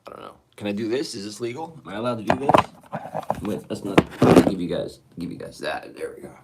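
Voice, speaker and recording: A man on a casual live stream from his bathroom, rambling and swearing to his viewers, his voice hoarse and shaky after singing. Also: lowish voice, animated, fast, heavy background noise. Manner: rambling, profane, talking to chat. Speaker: livestreamer. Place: sitting in a bathroom.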